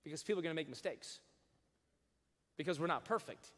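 A male pastor giving a lively sermon, reading scripture with emphasis and leading the congregation to repeat phrases aloud. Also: a little high, brisk. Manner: reads scripture in old-fashioned wording with rising emphasis. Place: large church sanctuary. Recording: long hall reverb.

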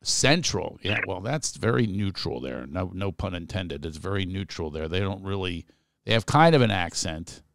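A man's voice: low voice, animated, normal speed, gravelly, fairly bright tone, no room sound, studio quality. A middle-aged man from Philadelphia with a Philadelphia accent, hosting a podcast in a jokey, playful way and slipping into comic voices. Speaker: podcast host. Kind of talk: casual interview chat.

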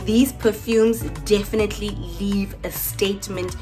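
A woman tells a casual storytime to her camera, lively and chatty, speaking straight to her viewers. Her pitch sits in the middle range for a woman. Faint music plays softly behind her. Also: a little slow. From South Africa. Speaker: YouTuber.

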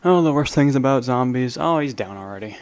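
A man's voice: medium pitch, animated, a little fast, darkish tone, a little hiss or hum. A young man giving casual, joking live commentary over an online zombie game, leaning toward his desk microphone and bantering at the other players. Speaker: gaming channel host. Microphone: desk microphone, leaning in to be heard.

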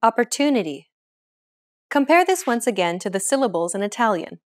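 Young woman, lesson host, explains steadily and clearly in a scripted read. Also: medium pitch, very animated, quick pace.

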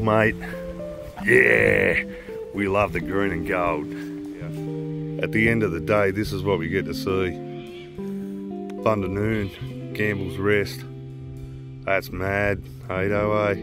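Slow, low-voiced Australian man outdoors. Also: steady tone, vocal fry. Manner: enthusiastic, keeps calling things mad and magic. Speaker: wildlife vlogger. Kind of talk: casual outdoor commentary. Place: outdoors in the bush. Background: guitar music.

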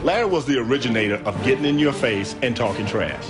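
A former player telling stories in an animated way, mimicking others as he goes. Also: mid-range voice, fast, hardly any pauses, loud music behind the voice. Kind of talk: casual anecdote telling.

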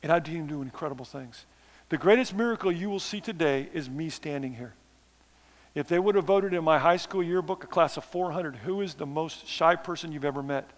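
A man's voice: a little high, brisk, long reverb tail. A man preaching a missions sermon, conversational and self-deprecating, with sarcastic asides. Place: church sanctuary.

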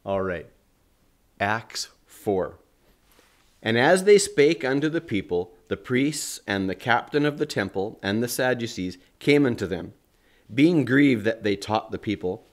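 A man giving a devotional talk and Bible reading, earnest and hoarse with his morning voice. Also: lowish voice, animated. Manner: slow, earnest preaching with a prayer. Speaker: family ministry host.

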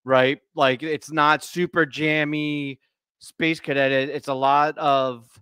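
A man hosting a casual podcast chat, animated and laughing, talking loosely with lots of fillers. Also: a little high, takes it slowly, clean tone, no echo. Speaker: podcast host.

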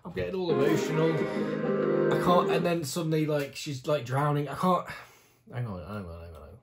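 A man's voice: on the high side, brisk, echoey room. A young British man reacting to a music video, gushing and exclaiming as he is overwhelmed, with some swearing. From Britain.

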